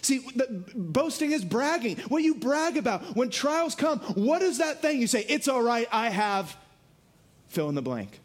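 A man preaching a sermon, lively and earnest, dropping his voice low for emphasis and acting out quotes. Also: moderate pace, hardly any pauses, slightly rough. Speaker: pastor.

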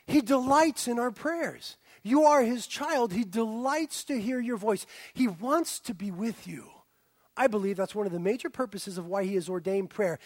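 A man preaching a sermon as a pastor, animated and swinging from loud exclaiming to a hushed near-whisper. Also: sits high, no echo, studio quality. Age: young adult.

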